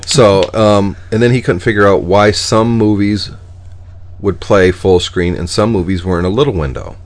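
A man co-hosting a casual tech podcast, telling stories in an exasperated, animated way. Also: lowish voice, normal speed, slight background noise. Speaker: podcast co-host.

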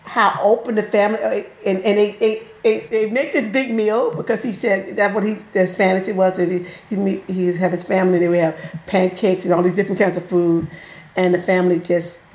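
A woman's voice: medium pitch, brisk. Woman chatting about books, laughs alot, kinda echoey room. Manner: animated, laughs often, mimics other people. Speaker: book club member. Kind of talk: casual chat.

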